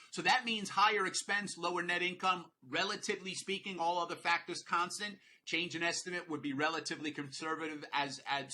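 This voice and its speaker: A man's voice: a little high, sharp tone, husky. A man teaching a recorded exam prep lecture, who stresses and repeats key rules and slips in playful jokes between his explanations.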